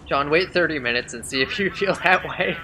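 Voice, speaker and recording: A man's voice: on the high side, a little fast, background noise. A man giving casual gameplay commentary during a speedrun, chatty, sarcastic and rambling.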